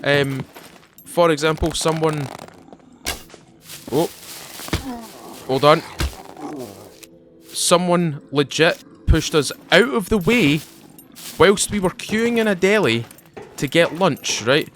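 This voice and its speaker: Speaking slowly with frequent pauses, this young gaming YouTuber has a fairly high voice, with slight noise in the background. He plays a survival game and spins a rambling let's-play story, animated and chatty, constantly interrupting himself to digress.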